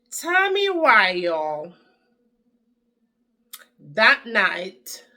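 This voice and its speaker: Woman, Jamaican accent, vlogger, unhurried, bright tense tone, dramatic chatty storytelling. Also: medium pitch. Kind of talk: casual chat to camera.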